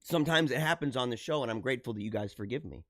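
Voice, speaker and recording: A middle-aged man hosting a live show, talking earnestly and haltingly to his viewers, often repeating himself and restarting phrases. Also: mid-range voice, animated, fairly bright tone, no echo, studio quality. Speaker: livestream show host. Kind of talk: emotional personal monologue to viewers.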